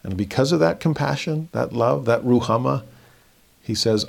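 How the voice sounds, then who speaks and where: A middle-aged man giving an earnest scripture commentary, reading verses slowly and telling a family story. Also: mid-range voice, creaky, a little mellow. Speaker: scripture teacher.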